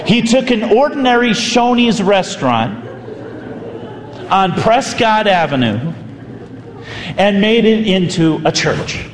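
Animated male priest in an echoey hall. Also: sits high, slow pace, pauses often. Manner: animated, vivid storyteller. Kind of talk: sermon storytelling. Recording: echoey hall, faint ambience.

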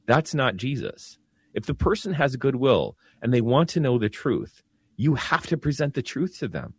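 A man's voice: mid-range voice, normal speed, breathy edge, no echo. A man who is a Catholic priest, talking earnestly in a casual discussion, often restarting his sentences. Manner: earnest, animated, many restarts.

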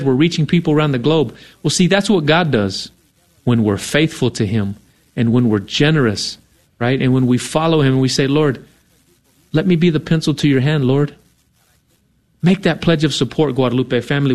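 A man's voice: a little high, brisk. A man co-hosting a radio fundraiser, coaxing listeners to give in an earnest, persuasive way and often adding "right?". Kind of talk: on-air fundraising appeal.

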